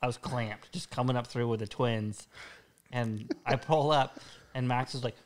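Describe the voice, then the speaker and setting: Man telling a lively anecdote. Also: mid-range voice, moderate pace. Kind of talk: casual chat.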